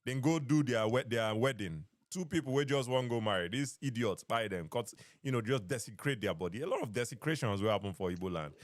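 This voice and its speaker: A man's voice: mid-range voice, expressive, a little fast, hardly any pauses, dry recording, studio quality. A man with a Nigerian accent hosting a live call-in podcast, mixing in Pidgin and often repeating his phrases. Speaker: podcast host. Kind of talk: live-stream call-in chat.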